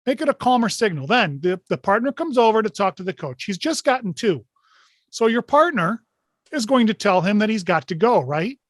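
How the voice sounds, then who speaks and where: A man's voice: high-pitched, very animated, moderate pace, no room sound. Man hosting an online officials meeting. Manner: conversational, rhetorical questions. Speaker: meeting host. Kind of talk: instructional talk to officials. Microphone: video call.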